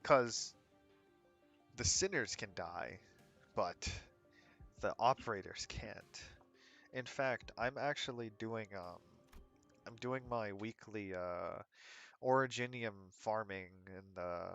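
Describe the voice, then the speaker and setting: A man's voice: lowish voice, takes it slowly, long pauses, a bit bright, soft background music. An American man streaming a game, chatting in a rambling, laid-back way and answering his chat with frequent chuckles. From United States. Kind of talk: casual chat while gaming.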